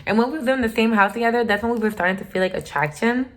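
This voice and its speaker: A woman's voice: a little high, racing, a little hiss or hum. A young woman telling a story to her channel in a candid, profane and emphatic way. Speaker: vlogger. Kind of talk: casual storytime.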